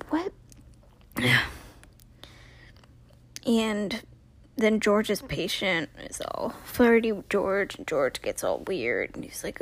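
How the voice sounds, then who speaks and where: Young woman, casual recap, rambling, lots of "like", gravelly fry, tired. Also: on the high side, a little mellow, dry recording. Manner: chatty and rambling, full of "like", acts out characters' lines.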